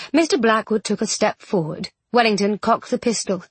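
A woman reading a novel aloud in a wry, even storytelling manner. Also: medium pitch, moderate pace, few pauses, husky, dry recording. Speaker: audiobook narrator. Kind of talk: scripted narration.

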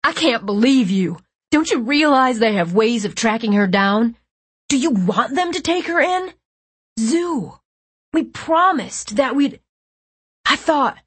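A woman voicing a furious, hoarse young man who shouts accusations at his friend, his voice strained and raspy. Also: high-pitched, slow pace, dry recording, full character voice. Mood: angry.

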